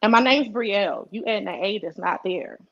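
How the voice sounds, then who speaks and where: A woman's voice: mid-range voice, brisk, fairly bright tone, highs cut off. A woman calling in to a sports talk show, teasing and chatty. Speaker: caller.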